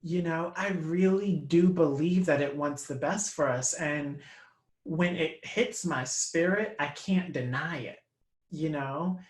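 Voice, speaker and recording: Animated man telling a story in an echoey room. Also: a little high, takes it slowly. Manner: lively anecdote teller, acts out quoted voices. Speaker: interview guest.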